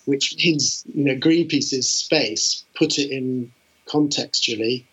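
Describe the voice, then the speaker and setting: A middle-aged British man telling stories about his fundraising career in an animated, enthusiastic way, with lots of fillers. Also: medium pitch, takes it slowly, breathy edge. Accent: British English. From England. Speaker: interview guest, fundraiser. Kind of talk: conversational storytelling. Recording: dull lo-fi sound.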